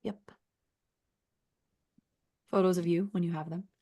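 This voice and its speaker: A woman's voice: fairly low pitch, steady tone, measured pace, warm tone. A woman giving friendly, chatty feedback on a photographer's website in a casual online critique session, with many "like"s. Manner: chatty, encouraging, uses "like" a lot. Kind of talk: casual screen-share critique.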